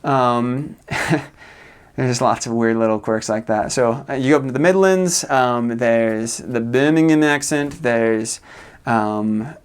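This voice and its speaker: A young man talks to the camera in a casual vlog. His voice sits at an ordinary middle pitch, and he rambles loosely. His talk is full of fillers and soft laughs. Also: slow pace, smooth. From United States. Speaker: vlogger. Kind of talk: casual chat.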